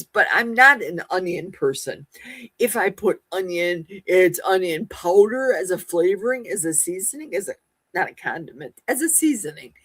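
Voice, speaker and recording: A woman's voice: on the low side, lively intonation, moderate pace, fairly bright tone, slightly rough, no echo. A woman in her sixties hosting a live stream, chatting casually and sassily as she reads and answers viewers' comments. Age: 60s. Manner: chatty, sassy, talks back to viewers' comments. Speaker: livestream host.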